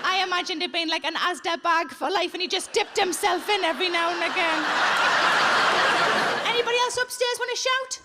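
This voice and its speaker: Woman stand-up comic, very high voice, blunt and sweary, loud live theatre noise. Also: expressive, normal speed, pauses often. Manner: blunt, sweary, chatty crowd work. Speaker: stand-up comedian. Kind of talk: live stand-up with audience banter. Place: large theatre on stage. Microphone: handheld stage microphone. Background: audience laughter.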